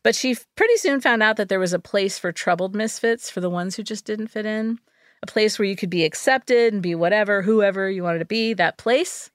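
A woman's voice: medium pitch, a little fast, no echo. A woman spins a story for her co-host in a loose, joking way, sprinkled with fillers. Her voice sits mid-range and sounds close and dry, with no room around it. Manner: wry, jokey, with fillers like "um" and "like". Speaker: podcast host telling a story. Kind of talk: casual storytelling chat.

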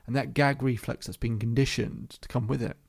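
A man hosting a podcast, calmly telling a story from his hypnotherapy practice with measured, repetitive phrasing. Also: medium pitch, gravelly, husky.

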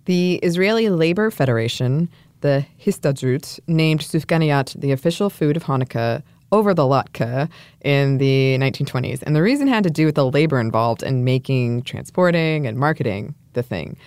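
A woman's voice: low-pitched, animated, moderate pace, a little mellow, smooth, dry recording. A woman co-hosting a podcast, reading out facts and quotes in a dry, easy manner. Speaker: podcast co-host. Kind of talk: casual chat reading facts.

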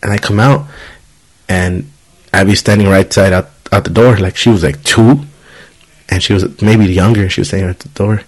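A man's voice: on the low side, normal speed, rough recording. Profane, storytelling man. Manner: profane, animated storytelling with voiced quotes. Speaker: podcast host. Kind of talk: casual storytelling chat.

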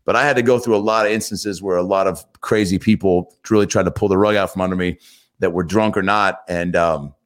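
Man, comedian guest, lower voice, animated storytelling, casual interview. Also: a little fast. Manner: animated storyteller, acts out quotes. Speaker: comedian and actor, podcast guest.

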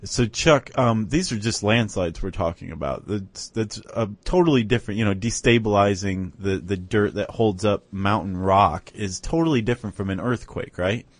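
A man's voice: lowish voice, normal speed, hardly any pauses, no echo. A man co-hosting a podcast, explaining step by step in casual chat and often checking in with "right?". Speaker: podcast co-host.

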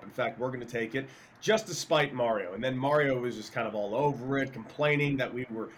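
A man co-hosting a sports talk show, telling a story in an animated, mocking way. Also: mid-range voice, fairly quick, slight background noise, rough recording. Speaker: co-host.

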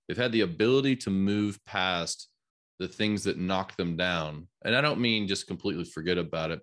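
A man's voice: low-pitched, fairly bright tone. A man hosting a podcast interview, casual and storytelling, laughing easily as he talks. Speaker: podcast host.

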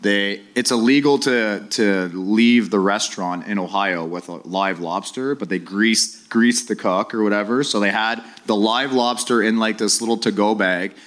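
Middle-aged man, ex-player, low voice, animated live-podcast storyteller. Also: moderate pace, hardly any pauses. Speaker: former hockey player guest.

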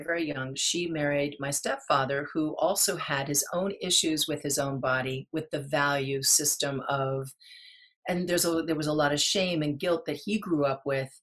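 Brief: middle-aged woman, low voice, earnest and halting, interview guest recounting her past. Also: fairly bright tone. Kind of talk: personal storytelling in an interview.

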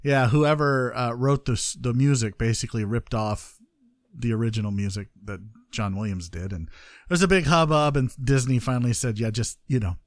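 A man's voice: mid-range voice, normal speed, no echo, studio quality. A man hosting a gaming podcast, chatting casually with jokes and asides. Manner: joking, trails off into asides. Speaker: podcast host. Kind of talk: casual gaming news chat.

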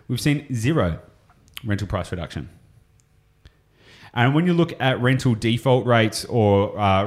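Rambling Australian man, low voice. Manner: rambling, enthusiastic, goes off on tangents. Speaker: property investing podcast host. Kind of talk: casual podcast explanation.

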